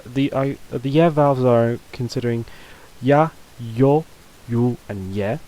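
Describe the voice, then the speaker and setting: A man's voice: mid-range voice, a little mellow, slight background noise, rough recording. A man teaching a casual video lesson, talking loosely with fillers and restarts. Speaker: language teacher.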